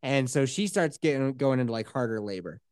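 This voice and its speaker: A man's voice: mid-range voice, animated, fairly quick, a little mellow, clean tone, no room sound, studio quality. A man telling a story in casual chat, swearing freely and acting out the quotes.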